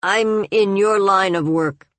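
A woman reading aloud, voicing an injured eunuch whose voice is weak, hoarse and short of breath. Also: medium pitch, slow, fairly bright tone, dry recording, pitched above the performer's own voice.

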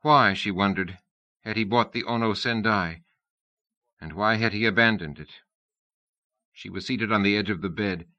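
Low, bright-voiced male audiobook narrator. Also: normal speed, pauses often, muffled recording.

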